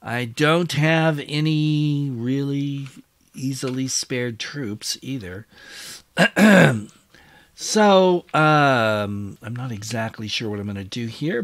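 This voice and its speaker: Slow-talking man narrating a wargame. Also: medium pitch, no echo. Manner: thinks aloud, bursts into cheers at wins. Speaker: gaming channel host. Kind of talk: wargame let's-play commentary. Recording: loud game battle sounds behind voice. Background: loud artillery and gunfire from the game.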